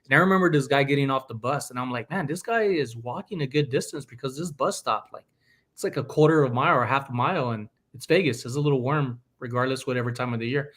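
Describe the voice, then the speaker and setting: A man's voice: medium pitch, quick pace. A man hosts a casual podcast chat in a mid-range voice. He tells stories with energy and mimics the people he quotes. His delivery is loose and conversational. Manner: animated storyteller acting out quoted people. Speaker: podcast host.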